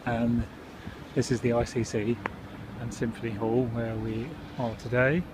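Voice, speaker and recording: Walking through city streets and indoor spaces with a handheld camera, a young man offers chatty, self-deprecating vlog commentary. His medium-pitched voice is unhurried and flat, set against a noisy background.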